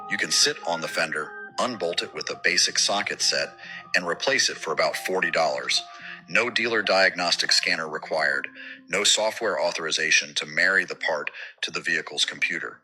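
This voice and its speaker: Male narrator, deep forceful voice, punchy scripted delivery over light music. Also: low-quality recording. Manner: measured, declarative, short punchy sentences.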